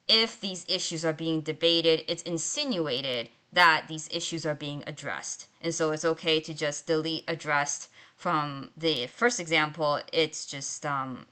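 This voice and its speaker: Woman writing teacher, lowish voice, bright and clear, chatty lecture style, keeps checking with "right?". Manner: conversational, checks in with "right?" and "okay?". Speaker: writing instructor. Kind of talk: recorded lecture.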